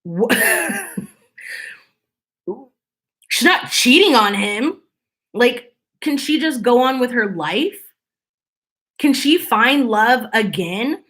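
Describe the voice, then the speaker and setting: A woman's voice: a little high, animated, slow pace, long pauses, fairly bright tone. Sarcastic woman hosting a chat channel. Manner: exasperated, sarcastic, opinionated. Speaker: channel host. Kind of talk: casual commentary to viewers.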